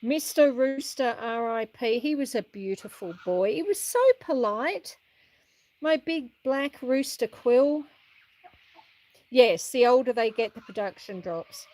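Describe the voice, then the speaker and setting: A woman's voice: on the high side, lively intonation, unhurried, no echo. A middle-aged woman reading out viewers' comments and chatting casually as she walks around her farm. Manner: chatty, warm replies to viewers, frequent laughs. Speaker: homestead livestreamer reading chat. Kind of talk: casual live chat while walking. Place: outdoors on a farm.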